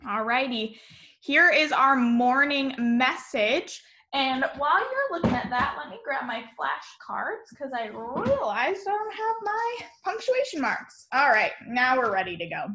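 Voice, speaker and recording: A woman teacher giving a cheerful online lesson to young children, spelling words out slowly in a sing-song voice over a computer mic. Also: high-pitched, big pitch swings, bright, forceful tone. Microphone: computer mic on a video call.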